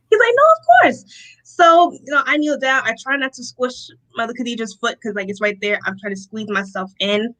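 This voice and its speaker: A young woman with a bright, forceful voice shares her personal testimony in an interview. She tells the story in a lively way and acts out what people said, with frequent laughter. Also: on the high side, a little fast, hardly any pauses, rough recording. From Rochester, New York. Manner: animated storytelling, acts out quotes, laughs often. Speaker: interview guest.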